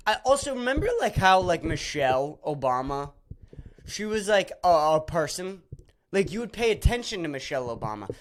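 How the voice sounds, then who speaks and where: A man's voice: fairly high pitch, very animated, moderate pace, slight background noise. A man hosting a solo podcast, ranting in a profane, rambling, sarcastic way with many restarts. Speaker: podcast host.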